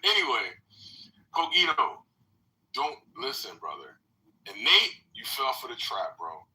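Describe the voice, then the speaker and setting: Man scolding hard, bright lively voice. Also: medium pitch, unhurried, rough recording. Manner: scolding, repetitive, emphatic, profane. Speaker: participant in an online audio room. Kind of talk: heated voice-chat debate.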